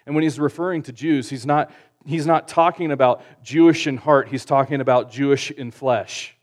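A male pastor preaching in a relaxed, conversational way, using slang and asking the audience rhetorical questions. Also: mid-range voice, moderate pace. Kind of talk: conversational sermon.

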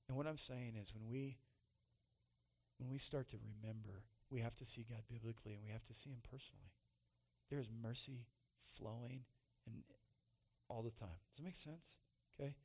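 A man's voice: medium pitch, normal speed. Storytelling man preaching a sermon. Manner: storytelling, self-mocking, animated with loud peaks and soft emotional drops. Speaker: pastor.

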